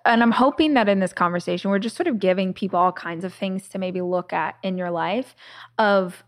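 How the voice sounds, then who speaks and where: A woman's voice: mid-range voice, fairly quick. A woman hosting a podcast, talking casually and telling stories with lots of fillers and restarts. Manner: chatty storyteller, many "like"s and restarts. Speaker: podcast host. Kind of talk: casual conversation.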